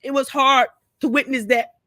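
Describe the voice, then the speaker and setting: A woman's voice: sits high, fairly even intonation, normal speed, pushed and bright, no room sound, studio quality. A crying woman pouring out a profane, repetitive rant to her camera, speaking. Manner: tearful, repeating herself, profane. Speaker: vlogger. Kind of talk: emotional personal rant to camera.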